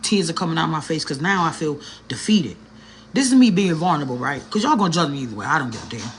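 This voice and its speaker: A woman's voice: deep voice, very animated, quick pace, a little hiss or hum. A woman telling a personal story in a casual, slangy vlog, talking straight to her viewers with an earnest, emotional edge. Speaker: vlogger.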